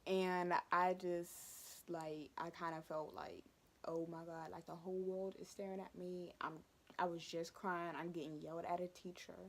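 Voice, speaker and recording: A young woman telling a school story for her vlog, animated and dramatic with lots of asides. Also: on the low side, moderate pace. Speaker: vlogger.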